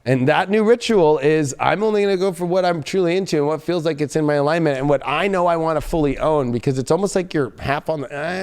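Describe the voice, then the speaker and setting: Excitable, profane man with a high voice. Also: fast, hardly any pauses, clear, resonant tone. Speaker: tarot reader host. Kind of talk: casual tarot reading.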